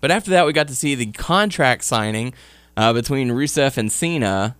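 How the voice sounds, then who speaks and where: A man from Southeast Texas hosting a casual wrestling podcast, recapping with quick asides. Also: mid-range voice, animated, a bit bright, smooth, no echo. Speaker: podcast host.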